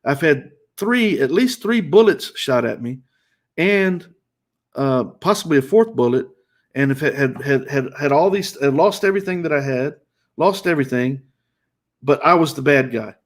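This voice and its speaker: A man's voice: a little high, animated, normal speed. Earnest man telling his story with restarts. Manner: earnest, repetitive, emphatic with many restarts. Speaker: host. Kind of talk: personal testimony on a live stream.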